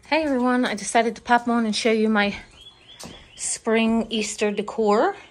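Her voice runs fairly high and unhurried as she shows off her home's decor in a chatty, meandering tour. The home vlogger sounds a little out of breath and apologetic, shooting on a handheld phone inside the house.

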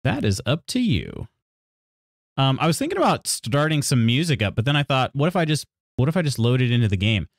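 Chatty man on a lively stream. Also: medium pitch, quick pace, few pauses, no echo, studio quality. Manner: rambling and apologetic, reads chat aloud; laughs often and restarts sentences. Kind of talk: casual chat with viewers.

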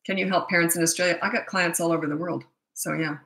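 A woman's voice: fairly low pitch, steady tone, fast talker, a bit bright. A woman in her sixties from North America, a parenting coach answering viewer questions on a live stream in a chatty, candid way with rambling asides. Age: 60s. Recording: echoey room.

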